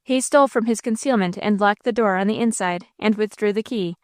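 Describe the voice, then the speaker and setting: A woman's voice: mid-range voice, brisk, no echo, clean studio sound, lightly acted. A woman voicing a wild, fearless young heroine in an audiobook, talking in breathless, pleading exclamations. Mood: distraught.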